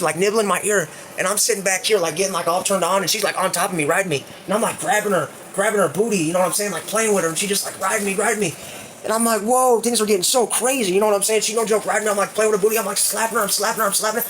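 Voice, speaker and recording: A man's voice: sits high, very fast, a bit bright, a little hiss or hum. A man telling a crude, rambling story in casual livestream chat, full of fillers.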